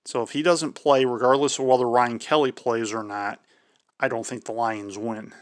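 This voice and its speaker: A man hosting his own sports channel, going through team injury reports in a measured tone and often hedging with "I believe". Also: medium pitch, fairly even intonation, no room sound, studio quality. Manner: measured, repeats "I believe" and "for sure". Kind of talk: football injury preview commentary.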